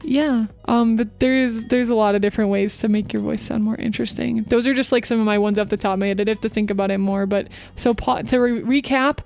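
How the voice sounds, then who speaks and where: Chatty young woman streamer, higher voice. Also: fairly even intonation, gravelly, darkish tone, faint music behind. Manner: fast, chatty, bubbly, talks to chat. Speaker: VTuber streamer. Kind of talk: live stream chat and voice tips. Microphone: close desk microphone.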